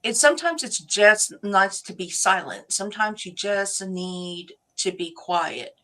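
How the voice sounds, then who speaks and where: A woman's voice: medium pitch, unhurried, fairly bright tone. A woman hosting a casual chat stream, talking in a rambling, chatty way and laughing often. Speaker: host.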